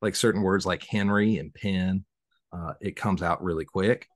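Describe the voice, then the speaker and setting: A man's voice: low-pitched, fairly even intonation, normal speed, dry recording, studio quality. A man with a Southern US accent hosting a podcast interview, chatting casually, self-deprecating, stammering and often laughing. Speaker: podcast host.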